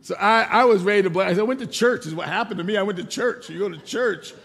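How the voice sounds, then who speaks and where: An older man preaching a sermon, telling personal stories in a relaxed, conversational way with wry humor. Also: high-pitched, quick pace, vocal fry, breathy edge. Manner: conversational storytelling with self-deprecating humor. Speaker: pastor. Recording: long hall reverb.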